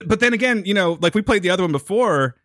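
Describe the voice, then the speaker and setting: Brief: joking male podcast co-host, lively pitch, dry room. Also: fast talker, no echo. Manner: joking, teasing, plugs his friend's music. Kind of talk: casual chat.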